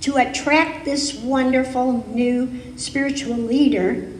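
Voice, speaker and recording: A woman preaching as a guest speaker, her voice sitting a little high and moving very slowly through each emphatic phrase. The sound carries the long, roomy echo of a sanctuary hall, with a faint hiss beneath it. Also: steady tone. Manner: slow, deliberate, emphatic phrasing. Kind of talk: sermon. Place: spiritual center sanctuary. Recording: echoey hall, live stream.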